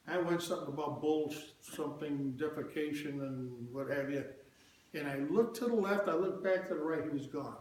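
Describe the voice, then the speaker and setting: At a moderate pace, an older church speaker with a fairly high voice recounts something from his own life in a homely, plain manner, turning now and then to address the audience. The recording carries a little hiss or hum along with the heavy echo and faint ambience of the church hall.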